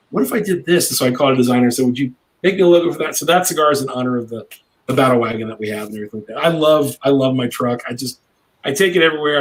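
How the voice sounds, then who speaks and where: A man's voice: medium pitch, low-quality recording. A brash middle-aged man, a cigar maker guesting on a podcast, telling a long rambling story in casual chat.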